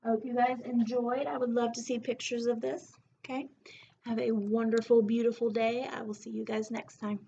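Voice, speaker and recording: A woman teaching preschoolers a recorded phonics lesson, stretching out letter sounds in a slow, sing-song way. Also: fairly high pitch, little pitch movement, creaky, dark tone, lo-fi sound, slight background noise.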